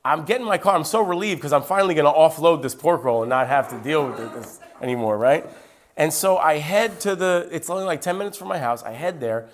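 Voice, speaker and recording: A man telling a personal faith story in a lively, conversational way, acting out the dialogue as he goes. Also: fairly high pitch, fast. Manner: acts out quoted dialogue with lively shifts; conversational, with "like" and "right?" asides. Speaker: Christian speaker sharing his testimony.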